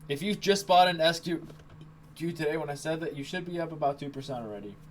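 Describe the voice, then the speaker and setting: A man's voice: fairly high pitch, fast talker, slight background noise. A young man streaming live as he trades, talking casually, thinking aloud and swearing now and then. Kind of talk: live stream trading commentary.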